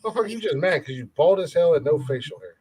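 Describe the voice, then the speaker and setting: A man's voice: a little high, animated, racing, a little mellow, breathy edge. Brash profane man on a podcast. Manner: rattles off show plugs. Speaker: podcast co-host. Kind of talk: casual comedy podcast banter.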